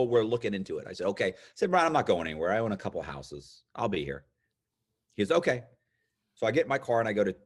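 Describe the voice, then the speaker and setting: A man in his fifties with a lowish voice tells his story as an interview guest. He talks casually and animatedly, slipping into the voices of the people he quotes. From United States. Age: 50s.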